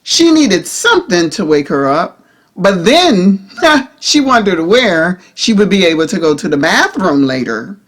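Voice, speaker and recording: A woman narrating an audiobook in a measured, expressive reading style. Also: fairly low pitch.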